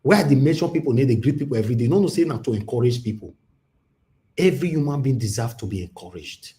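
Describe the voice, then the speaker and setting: A man with a Nigerian accent hosts a livestream, giving passionate commentary and slipping into Pidgin. He talks fast and animatedly in a medium-pitched, dark-toned voice.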